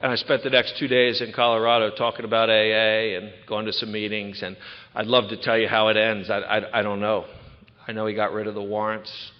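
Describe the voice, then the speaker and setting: A middle-aged man giving a personal recovery talk at a retreat, telling his story in an animated way with quick asides. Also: on the low side. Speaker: recovery speaker. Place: large hall at a retreat. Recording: dull sound with long hall reverb.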